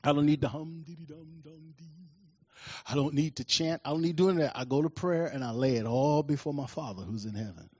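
A man preaches a sermon with a slightly high voice, growing animated and loud as he tells his stories. The sound is dry and a little muffled, with no room echo. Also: quick pace, few pauses. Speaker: pastor.

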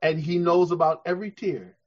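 A male preacher with a high-pitched voice delivers a sermon, rising to fervent shouts and sinking to soft, slow passages. The sound is dull and lo-fi. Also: steady tone. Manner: preaching with call-and-response, swelling to shouts then dropping soft. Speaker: pastor.

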